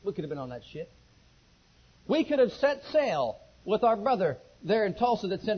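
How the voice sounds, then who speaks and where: A male pastor preaching a sermon, telling his own testimony with lively storytelling and acting out the dialogue. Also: high-pitched, normal speed, breathy edge. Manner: animated storytelling, acts out quoted dialogue. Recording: dull lo-fi recording.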